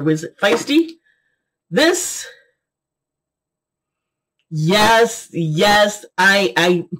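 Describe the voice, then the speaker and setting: Middle-aged woman, giggly and rambling, casual vlog chat at a mid pitch. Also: fairly bright tone. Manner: chatty, giggly, jumps between topics. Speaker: beauty and tarot vlogger.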